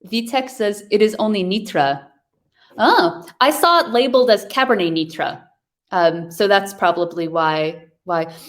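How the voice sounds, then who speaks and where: Chatty woman hosting a wine tasting. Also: medium pitch. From New York. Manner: chatty, enthusiastic describing wines. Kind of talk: casual chat during a virtual wine tasting. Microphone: video call.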